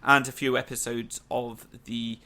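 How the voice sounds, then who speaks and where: A man's voice: medium pitch, flat delivery, bright, forceful tone. A young British man hosting a podcast in casual, rambling chat. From Britain. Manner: rambling, many "like" fillers, quick bursts. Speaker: podcast host.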